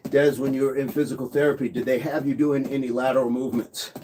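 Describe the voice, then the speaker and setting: Man at a medium pitch, hosting a live workout and greeting chat by name, with a faint hiss behind him. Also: fairly even intonation, fast, warm tone. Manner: counts reps aloud, greets viewers by name. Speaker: fitness livestream host.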